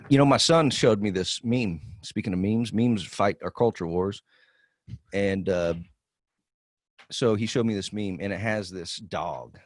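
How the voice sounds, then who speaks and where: A man's voice: lowish voice, unhurried, no room sound, studio quality. A man in his forties, a podcast co-host, telling a long profane story in casual chat. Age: 40s. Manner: profane, rambling storytelling with animated quoted voices.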